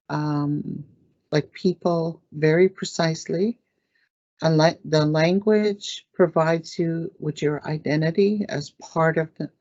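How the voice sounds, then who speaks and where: Woman teaching vocab real slow, low voice, says each word twice, dull dry recording. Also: a little mellow, no room sound. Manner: repeats each word slowly, clears throat often. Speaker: language teacher. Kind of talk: slow word-by-word language lesson.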